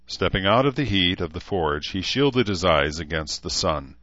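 A man reading an audiobook in a measured, even narration. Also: deep voice, dry recording, dull audio. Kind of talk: scripted narration.

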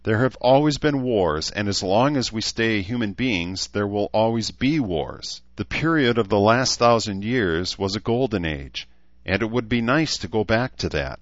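A man's voice: lowish voice, lively intonation, moderate pace, no room sound, lo-fi sound, pitched above the performer's own voice, natural voice. Man voicing a reasoned, lecturing young woman.

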